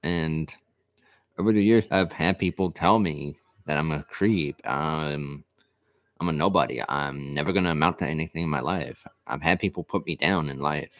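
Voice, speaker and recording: Deep-voiced man earnestly telling a personal story. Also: a bit bright, no echo. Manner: earnest, repetitive, halting restarts. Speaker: vlog host.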